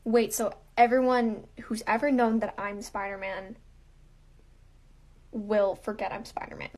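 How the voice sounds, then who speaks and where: A woman voicing an anxious teenage boy hero, asking quiet, hesitant questions. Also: mid-range voice, steady tone, unhurried, pitched below the performer's own voice, lightly acted. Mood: worried.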